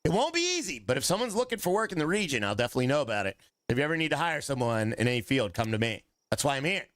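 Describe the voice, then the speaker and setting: A man reading aloud as a gold-rush hotel owner who scorns miners. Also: rapid-fire. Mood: scornful. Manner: reading game dialogue aloud, lively swings in pitch.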